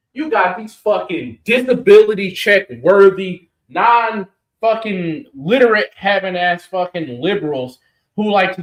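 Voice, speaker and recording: A man argues hotly on a political reaction stream, swearing freely and hammering his points home. His voice sits a bit high for a man and bounces around an echoey room. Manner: profane, emphatic, argumentative. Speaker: co-host. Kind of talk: heated political reaction chat.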